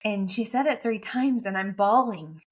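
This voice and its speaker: American woman coach telling her story, earnest and emotional, mid pitch, keeps repeating phrases. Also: lively intonation, moderate pace. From United States. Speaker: guest, motivational speaker and coach. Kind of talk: heartfelt personal storytelling in an interview.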